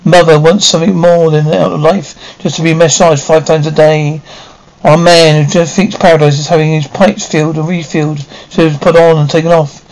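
An actress playing a rebellious grown daughter who feels trapped at home, speaking in sharp, scornful outbursts in a 1950s TV drama style. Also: female voice, deep voice, little pitch movement, normal speed, rough recording. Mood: defiant. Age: young adult.

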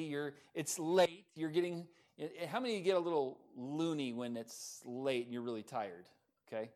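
A man preaching a sermon, telling the story in a lively, animated way with casual fillers and asides. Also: on the high side. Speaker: pastor.

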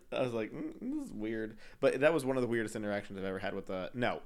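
Laughing man telling stories on a podcast. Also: medium pitch. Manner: storytelling, quick to laugh. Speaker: podcast co-host. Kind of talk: casual chat.

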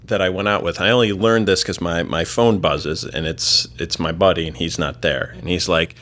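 A man's voice: low-pitched, fairly even intonation, normal speed, fairly bright tone. A man telling a comic personal story in a laid-back, self-mocking way. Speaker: storyteller guest.

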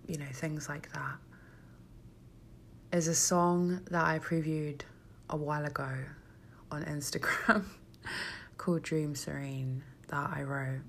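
A woman's voice: low voice, gravelly, pushed and bright, slight background noise. A woman musician talking casually to camera, rambling and self-mocking, often dropping to a whisper. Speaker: musician and creator. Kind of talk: casual personal vlog talk.

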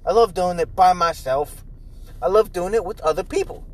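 A young man hosting a casual solo podcast from inside his car, rambling and swearing with animated, profane energy. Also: moderate pace, low-quality recording. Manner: animated, profane, jumps into loud high mimicry. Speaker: podcast host.

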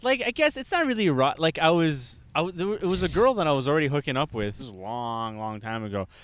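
A man's voice: fairly high pitch, expressive, quick pace, dry recording. A young man telling a rambling, profane story in casual podcast chat, recorded outdoors in a park. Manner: rambling, swearing, laughing storyteller with many restarts. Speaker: podcast co-host.

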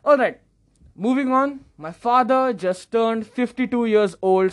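Young man, podcast host, animated storytelling, self-mocking, stumbles over words. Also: very high voice, measured pace. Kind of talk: casual storytelling monologue.

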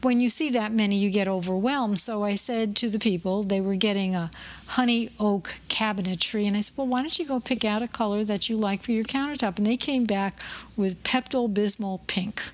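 A woman's voice: mid-range voice, a little fast. A middle-aged woman hosting a podcast, chatting and telling anecdotes in an opinionated, friendly way. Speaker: podcast host. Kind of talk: casual interview chat.

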